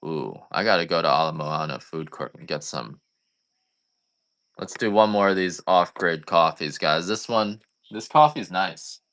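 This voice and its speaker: Low-voiced man ranting jokily. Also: moderate pace, fairly bright tone. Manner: rambling, joking rants. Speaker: coffee farmer selling on a live stream. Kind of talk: casual live-stream sales chat.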